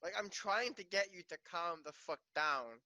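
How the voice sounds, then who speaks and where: Male game master, higher voice, dry close sound, jokey and foul-mouthed. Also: lively intonation, moderate pace, sharp tone, dry recording. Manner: joking and teasing, swears often, laughs a lot. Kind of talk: out-of-game table chat.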